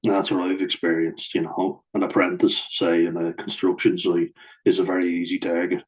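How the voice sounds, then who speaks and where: A man's voice: low-pitched, level tone, normal speed, low-quality recording. An Irish man telling a story straight to camera, blunt and venting, with heavy swearing. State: wearing a blood-pressure cuff. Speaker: vlogger.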